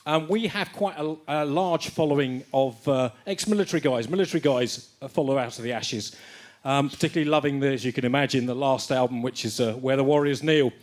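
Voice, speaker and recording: A man's voice: medium pitch, a little fast. A man hosting a live-streamed church music evening, talking in a loose, jokey way with plenty of fillers. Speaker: band member and host of the live stream. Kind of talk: casual live-stream chat.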